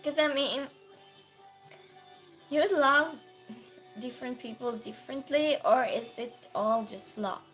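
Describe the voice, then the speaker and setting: A woman hosting a livestream with a cold and a sore throat, hoarse and clearing her throat as she reads viewer messages aloud and chats back. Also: high-pitched, a little slow, long pauses, a bit bright, soft background music. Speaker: livestream host reading chat. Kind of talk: casual chat.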